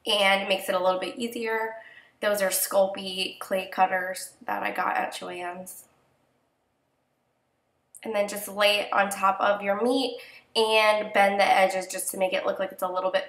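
A young woman with a nasal, congested voice from a cold gives chatty, relaxed step-by-step crafting instructions in a casual voice-over. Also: mid-range voice, roomy sound. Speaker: crafting tutorial host.

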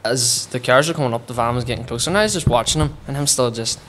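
A man with a Derry accent, a podcast guest recounting a car story in halting bursts with plenty of fillers. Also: mid-range voice, fairly bright tone, slight background noise. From Derry, Northern Ireland. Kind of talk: casual chat.

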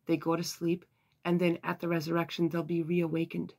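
A Bible teacher giving an earnest, measured devotional lesson, with occasional sighs and fillers. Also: mid-range voice, completely flat delivery, gravelly, a little mellow.

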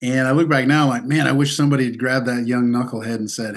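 A man from Missouri, telling stories in a loose, casual way as an interview guest. His voice sits at an ordinary mid pitch, and he laughs often and drops "dude" and "like" throughout. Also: level tone, fast talker, hardly any pauses. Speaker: guest athlete.

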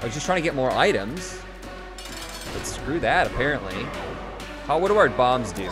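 A young man commenting on his own game run, excitable, swinging from quick mumbles to loud whoops and swearing freely. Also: mid-range voice. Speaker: gaming YouTuber. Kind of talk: Let's Play commentary. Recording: game music playing behind.

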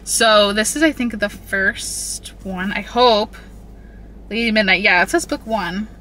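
A woman's voice: medium pitch, unhurried, bright, forceful tone, a little hiss or hum. A woman chatting casually and upbeat about her book haul in a vlog, rambling a little and a bit out of breath, talking from her car. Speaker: book vlogger.

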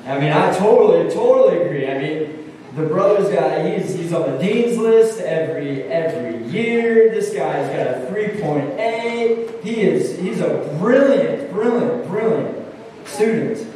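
A man's voice: high voice, expressive, measured pace, mellow, slight background noise. A preacher playing an older male seminary professor who keeps coaxing a student with teasing questions. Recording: echoey hall from far off.

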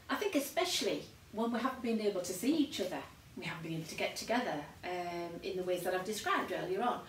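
A woman's voice: medium pitch, a little hiss or hum. An older woman preaching an encouraging sermon, often repeating her points and laughing at herself. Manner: warm encouraging repetition with self-deprecating laughs. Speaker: pastor. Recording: echoey room from a distance.

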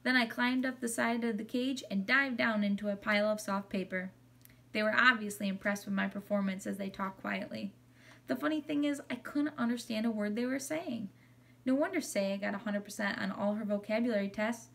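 A woman reading a children's chapter book aloud in a gentle, expressive way. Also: mid-range voice, fairly quick, creaky, recorded from a distance. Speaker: audiobook reader.

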